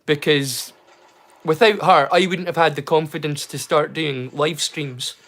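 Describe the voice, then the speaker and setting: A man's voice: a little high, steady tone, measured pace, a bit bright. A man with a Scottish accent, hosting a casual livestream and chatting in a rambling way, full of restarts and slang. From Scotland. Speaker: livestream host. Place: home in rural Scotland.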